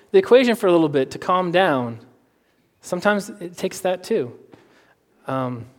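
A male pastor in his thirties delivers a sermon, his voice a touch higher than most men's. He brings his stories to life, slipping into quick, animated voices for each character. Long reverb from a large hall trails behind every phrase. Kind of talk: sermon with personal anecdotes.

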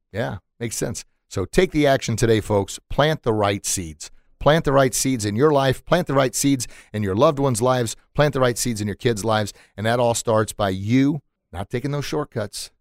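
A man hosting a motivational podcast, earnest and energetic, repeating his points for emphasis. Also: lowish voice, no echo, studio quality. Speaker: podcast host.

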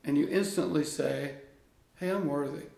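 Man, interview guest, animated storyteller, gravelly, echoey room. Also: fairly high pitch, normal speed. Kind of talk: conversational interview.

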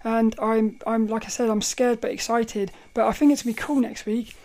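Rambling woman with a mellow voice. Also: a little high, fairly quick. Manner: rambling, animated, laughs often, restarts sentences. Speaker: podcast host. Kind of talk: casual solo podcast storytelling.

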